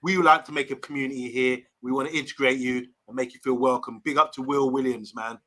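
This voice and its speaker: A man's voice: mid-range voice, fairly even intonation, quick pace, a bit bright. A man co-hosting a live fan stream, chatting casually and reading viewer comments aloud. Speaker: podcast co-host.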